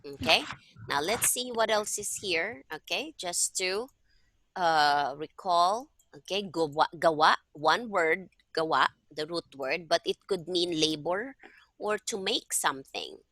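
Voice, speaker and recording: Woman tutor on a video call, patient, keeps asking okay?, bright voice, dry close sound. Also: on the low side, lively intonation, unhurried, no room sound. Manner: patient, checks understanding often. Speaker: language tutor. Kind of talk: one-on-one online tutoring.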